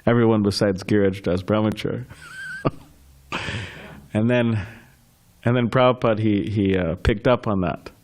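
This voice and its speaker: A man's voice: on the low side, steady tone, measured pace, long pauses, darkish tone, slight background noise. A man leading a scripture class, telling stories in a chatty way with laughs and restarts, then taking questions. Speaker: class speaker.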